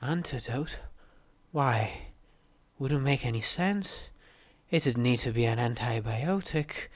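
A man's voice: mid-range voice, slow, no echo, lightly acted. A man voicing a feverish, dazed young female pony who mutters faintly and weakly. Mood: dazed, pleading. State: weak and feverish. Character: feverish dazed young mare, weak and delirious.

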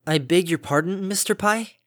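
A man's voice: high-pitched, moderate pace, fairly bright tone, dry recording, studio quality, voice pushed up. A man voicing a nervous young female pegasus in a storybook reading, awkwardly polite and hesitant. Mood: flustered.

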